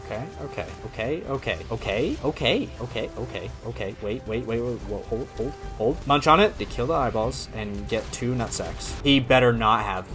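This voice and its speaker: Excitable man commentating his gameplay. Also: mid-range voice, normal speed, few pauses, over music. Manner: excitable, swears, frequent exclamations and muttering; self-deprecating, sarcastic. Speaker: gaming content creator.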